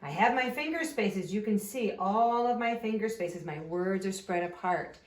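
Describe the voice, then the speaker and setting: A woman's voice: mid-range voice, expressive, darkish tone, echoey room. A woman teaching a remote phonics lesson to young children, talking in a sing-song way and stretching her questions upward. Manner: slow, sing-song, exaggerated question intonation. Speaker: elementary school teacher.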